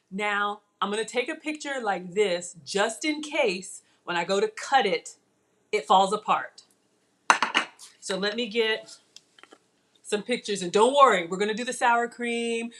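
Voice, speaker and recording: A middle-aged woman runs a casual live-stream cooking demo from her home kitchen. She is chatty and excitable and keeps calling out to her viewers while she works. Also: medium pitch. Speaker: cooking show host.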